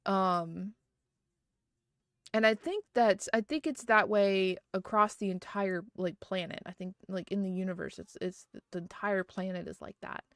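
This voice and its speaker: A woman chatting casually on a live stream from a close desk mic at home. Her voice sits at a middle pitch and sounds dry and close, with no room around it. She rambles happily with lots of "like" and "um" and breaks into frequent giggles. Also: unhurried, no echo.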